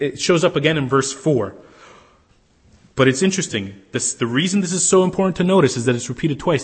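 Husky male pastor, lively pitch, long church-hall reverb. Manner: animated preacher, acts out characters with raised voice. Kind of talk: sermon.

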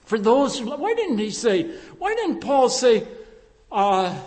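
Slow older preacher in a reverberant hall. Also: male voice, extremely high pitch, very animated. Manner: slow, reflective preaching with emphatic rises and hushed drops. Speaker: pastor. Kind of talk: sermon.

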